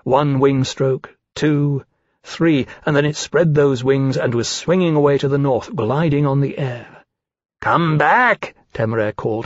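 A man narrates a novel in a measured, steady voice of middle pitch. The recording is close and dry, with a slightly dull, muffled top end. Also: no room sound. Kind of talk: audiobook narration. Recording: dull dry studio sound.

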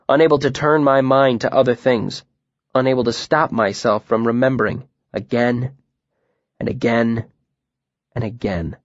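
Quiet, reflective male narrator. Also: medium pitch, no room sound, muffled recording. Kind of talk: audiobook narration.

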